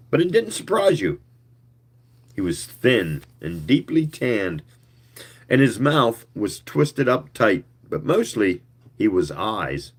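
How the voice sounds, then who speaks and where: A man giving a live reading of a story in a slow, measured storytelling manner. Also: mid-range voice, breathy edge. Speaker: reader.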